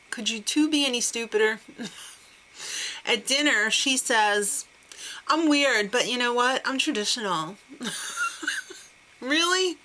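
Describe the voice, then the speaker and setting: A woman's voice: on the high side, bright, forceful tone. A woman hosting a casual TV recap, sarcastic and laughing often. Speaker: TV recap host.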